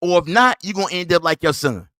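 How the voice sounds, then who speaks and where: High, lively, mocking podcast host man. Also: fast talker, dry recording. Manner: mocking, scolding, laughs at the other man. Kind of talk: heated commentary on a played clip.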